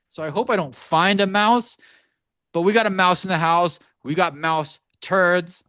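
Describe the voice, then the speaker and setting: Animated, swearing podcast host man. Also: sits high, moderate pace, no echo, studio quality. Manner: animated, profane ranting storyteller. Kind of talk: casual podcast chat. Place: home basement studio.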